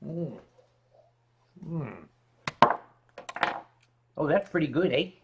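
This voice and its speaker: A man's voice: on the high side, extremely slow, dull audio, heavy background noise. A man hosting a casual comedic chat from his sofa at home, joking and reading viewer comments aloud. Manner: joking, reads chat comments aloud, bursts into loud mock shouting. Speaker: host. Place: home living room, on a sofa.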